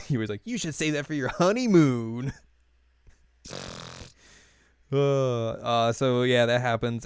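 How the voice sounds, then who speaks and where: A man's voice: fairly low pitch, smooth, dry recording. Young male podcast co-host, casual rambling recap, clean resonant tone, dead-dry room. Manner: rambling, many fillers, laughs while retelling scenes.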